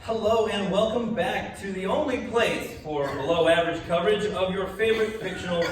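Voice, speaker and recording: Higher-voiced man hosting a spoof sports show, mock-formal quips, distant echoey noisy sound. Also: a little fast. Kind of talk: parody sports show banter. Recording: echoey room from far off, noisy.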